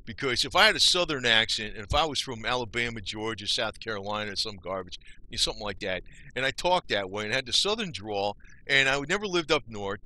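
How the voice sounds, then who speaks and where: Older man with a sharp, lively voice. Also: on the low side, fast talker. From Northeast New Jersey. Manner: rambling, folksy, swears mildly, asks "you know?" often. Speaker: vlogger. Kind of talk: casual rambling rant to camera.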